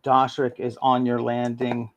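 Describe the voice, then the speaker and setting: A man narrating a tabletop game as game master, halting and full of ums. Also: mid-range voice, monotone, lo-fi sound, a little hiss or hum.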